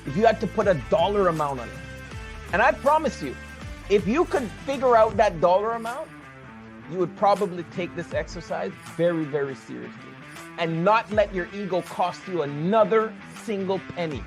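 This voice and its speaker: A man's voice: high-pitched, expressive, normal speed, music in the background. A man giving a motivational lesson on money as a financial educator, talking emphatically, repeating his key points and tagging on rhetorical questions.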